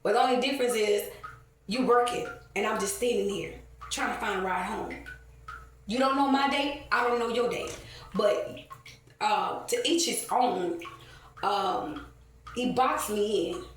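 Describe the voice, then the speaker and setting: A woman rants to camera, swearing freely and winding through her story with plenty of ums. She sounds set back from the mic in a very echoey space, with faint noise underneath. Her pitch sits in an ordinary middle range. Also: measured pace, long pauses, distant mic. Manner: heated, profane storytelling with many fillers. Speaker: vlogger. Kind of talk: casual rant to camera.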